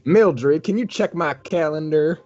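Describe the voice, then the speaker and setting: A man's voice: a little high, unhurried, darkish tone, soft background music, voice pushed up, lightly acted. A man voicing a folksy male researcher who jokes a lot, speaking with a Southern drawl. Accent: American Southern. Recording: dull lo-fi audio.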